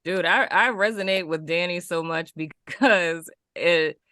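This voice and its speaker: Low voiced new woman, crisp bright tone, dry close sound, slangy. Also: a little slow, no echo. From Dallas and New Orleans, US. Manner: expressive slangy talker, drops to murmurs then bursts loud. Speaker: podcast co-host. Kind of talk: casual chat.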